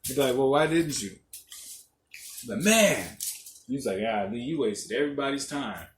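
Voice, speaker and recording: A man's voice: mid-range voice, lively intonation, normal speed. Rambling profane man in an echoey room. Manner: rambling, profane, laughs often. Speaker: podcast host. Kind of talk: casual monologue. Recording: echoey room, faint noise.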